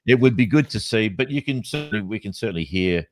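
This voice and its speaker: A man's voice: on the low side, lively intonation, fast talker, a little mellow, a little hiss or hum. A middle-aged Australian man co-hosting a casual chat, rambling and joking, often breaking into laughter. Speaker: podcast co-host.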